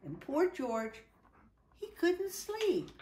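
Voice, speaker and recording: A woman reading a children's picture book aloud, with lively, drawn-out delivery. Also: high voice, reverberant. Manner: animated, drawn-out, voices for characters. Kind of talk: children's storybook read-aloud. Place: indoors at home.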